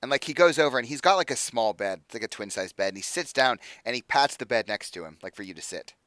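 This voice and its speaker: A man's voice: mid-range voice, expressive, fast, a bit bright, no room sound. A young man narrating as game master, casual and loose, packing his talk with fillers. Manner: casual, filler-heavy with constant "like".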